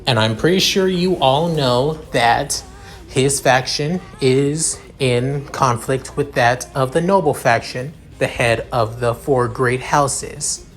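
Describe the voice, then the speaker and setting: Man voicing a young noble heir, cool, measured, looks down on others, slow delivery. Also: medium pitch, faint music behind, natural voice.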